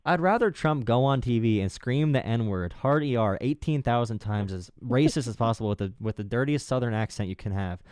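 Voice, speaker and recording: A male host in a heated, sarcastic political chat, talking at a middle pitch. His voice is close and dry, with no room sound, and he often turns mocking. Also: expressive, brisk, few pauses, a little mellow, no echo.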